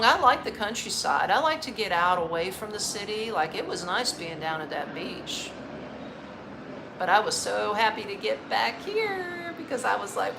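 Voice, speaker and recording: On a live stream, a middle-aged vlogger from the United States answers her chat casually, laughing bluntly and swearing freely. Her medium-pitched voice is expressive and creaky at a moderate pace, with a noisy background behind her.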